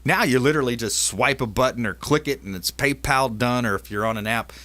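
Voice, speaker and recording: A man's voice: medium pitch, brisk, pushed and bright. A man hosting a casual radio talk show, upbeat and salesy, trading tips with his guests. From Tampa Bay area, Florida.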